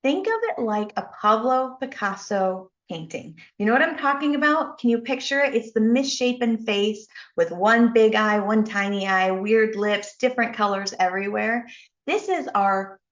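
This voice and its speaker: A woman coach giving a motivational talk, telling a personal story with emphatic, animated delivery. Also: on the high side, moderate pace, muffled recording. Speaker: life coach and speaker.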